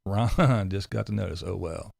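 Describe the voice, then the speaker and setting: A man's voice: deep voice, moderate pace, creaky, darkish tone, husky, no echo. A man hosting a casual livestream, reading comments and answering with rambling, sarcastic asides, speaking close into a desk mic. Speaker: livestream host. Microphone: close desk mic with headphones.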